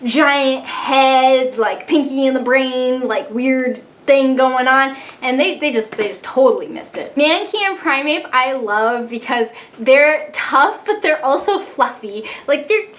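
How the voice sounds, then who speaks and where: A woman's voice: high-pitched, lively intonation, measured pace, hardly any pauses, a bit bright. A young woman chatting casually in a vlog, bubbly and gushing, full of "like" asides and little acted-out reactions. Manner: acts out childhood reactions in quoted mini-voices. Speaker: YouTuber.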